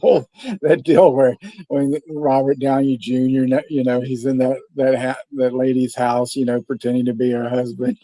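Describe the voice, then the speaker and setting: A man's voice: mid-range voice, flat delivery, normal speed, dark tone, no room sound, low-quality recording. A man in casual chat at a watch party, rambling and swearing, laughing often.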